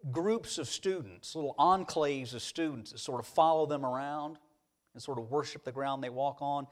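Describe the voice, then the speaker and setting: A man preaching a sermon, telling stories in a folksy way with many restarts. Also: fairly high pitch. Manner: animated, folksy, with repeated restarts. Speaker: pastor. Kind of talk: storytelling sermon.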